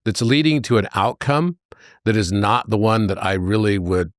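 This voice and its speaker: Lower-voiced man telling stories. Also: normal speed, no echo, clean studio sound. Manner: animated storyteller, jumping into high voices for characters. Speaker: podcast guest. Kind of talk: conversational storytelling.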